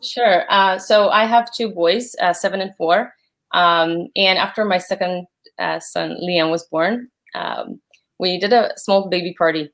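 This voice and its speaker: Woman, 30s, interview guest, earnest, grateful, lowish voice, many fillers. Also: a little slow, fairly bright tone. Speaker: guest, platform founder. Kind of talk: conversational interview.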